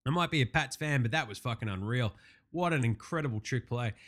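A man hosting a casual sports recap, brash and profane with quick wisecracks. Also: medium pitch, animated, fairly bright tone. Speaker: podcast host.

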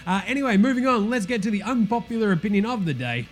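A man's voice: high voice, very animated, quick pace, soft background music. A man with an Australian accent hosting a comedic sports podcast, ranting in a blunt, profane and sarcastic way. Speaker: host.

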